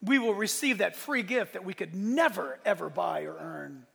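A man's voice: sits high, lively intonation, moderate pace, vocal fry, a bit bright, husky. A man preaching a sermon as pastor, impassioned, swelling and dropping in force. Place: church sanctuary. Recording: long reverb of a large hall.

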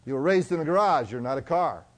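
A male preacher delivering a sermon in a somewhat high voice. He swings between loud exhortation and hushed, intimate tones, and his pitch moves widely. He slows down to read scripture. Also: animated.

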